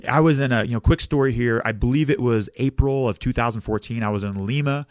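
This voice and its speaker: A man's voice: medium pitch, quick pace, dry recording. Upbeat male podcast host, dry close sound. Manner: upbeat, often addresses the guest by name. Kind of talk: casual interview chat.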